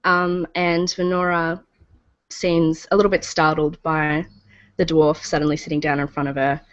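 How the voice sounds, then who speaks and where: A woman narrates her character's moves in a casual, hesitant way. Her voice is rather low, and the call sounds dull and lo-fi. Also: little pitch movement, moderate pace, clear, resonant tone, no room sound. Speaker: player. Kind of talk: describing a character in a tabletop game.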